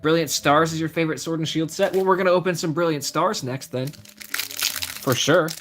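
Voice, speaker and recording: A man's voice: a little high, moderate pace, noisy background. A young man chatting casually on a live stream, reading out card names as he opens packs and answering his chat. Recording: faint music behind the voice.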